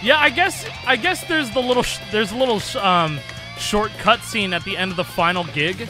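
A young man giving casual gameplay commentary, excitable, laughing often and swearing, breaking into shrieks when something amuses him. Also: high-pitched, normal speed, music in the background. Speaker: gaming YouTuber.

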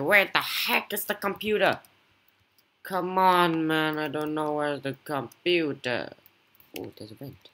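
A woman YouTuber giving casual gameplay commentary, excitable and quick to blurt out exclamations. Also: rumbling low. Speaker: gaming YouTuber.

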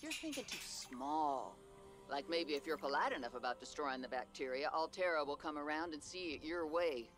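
Gruff game loner Marguerite. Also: female voice, low voice, expressive, moderate pace, fairly bright tone, soft background music. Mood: challenging. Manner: blunt, gruff, prodding. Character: gruff, tough middle-aged woman survivor, cynical loner.

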